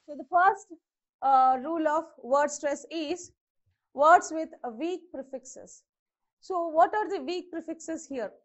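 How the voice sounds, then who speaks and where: A woman's voice: high-pitched, slow, muffled recording. A woman with an Indian English accent teaching a grammar lesson, repeating herself and checking in with her students often. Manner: repetitive, checks in with "okay" and "isn't it".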